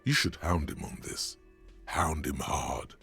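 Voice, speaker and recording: Brief: a game's inner-voice narrator, very low and gravelly, slow and ominous. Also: male voice, a bit bright, faint music behind, heavily acted. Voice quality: gravelly, very deep. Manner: slow, measured, second-person narration. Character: deep gravelly male game narrator, inner voice. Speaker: game narrator.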